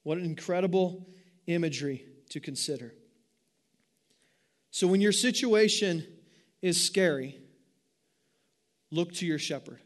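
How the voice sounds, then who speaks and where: A man preaching a sermon in an animated way, asking his listeners rhetorical questions. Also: sits high, measured pace, long pauses. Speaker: pastor.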